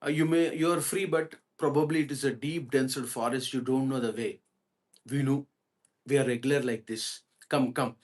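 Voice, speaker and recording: A man voicing a kindly robber who speaks softly and soothingly to his captive. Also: medium pitch, steady tone, normal speed, close to an everyday voice. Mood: helpful.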